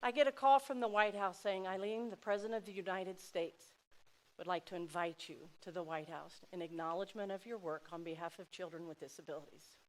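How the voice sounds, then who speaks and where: A middle-aged woman giving a heartfelt personal speech to an audience, swinging between loud exclamations and soft asides. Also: fairly low pitch, fairly even intonation, brisk. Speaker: speaker at a dinner event.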